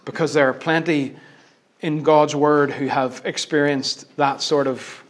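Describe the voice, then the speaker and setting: A middle-aged man preaching a sermon, impassioned, swinging between loud declarations and hushed lines. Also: fairly high pitch, steady tone, unhurried.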